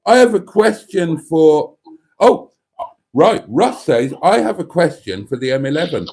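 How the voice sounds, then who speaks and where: A man's voice: on the high side, big pitch swings, a little slow, a little mellow, slightly rough. A man hosting a casual livestream, reading comments and teasing with dry quips. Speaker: livestream host.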